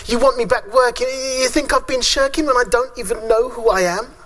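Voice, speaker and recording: A man with a notably high voice performs spoken word poetry. He recites with a steady rhythm and leaves long, deliberate pauses between lines. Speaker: father speaking at a conference.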